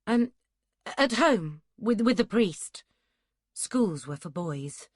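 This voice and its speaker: A woman voicing a young woman disguised as a boy, answering in hesitant, halting bursts. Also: mid-range voice, expressive, dry recording, studio quality. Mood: guarded.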